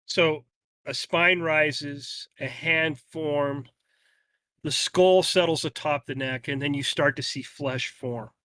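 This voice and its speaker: A man narrating a tabletop game as game master, telling the scene slowly and dramatically. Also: fairly high pitch, fairly even intonation, sharp tone. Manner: slow, dramatic storytelling.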